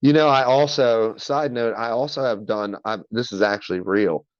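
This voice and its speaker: A man's voice: mid-range voice, moderate pace, no room sound, dull audio. Profane storytelling man, dry sound. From Maryland, US. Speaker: podcast guest. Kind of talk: casual chat.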